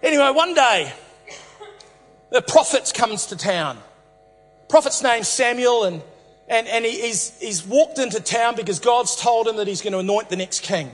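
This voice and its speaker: A man preaching, retelling a story in a playful, animated way with many restarts. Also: extremely high pitch, normal speed. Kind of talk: humorous sermon storytelling. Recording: reverberant hall, faint music.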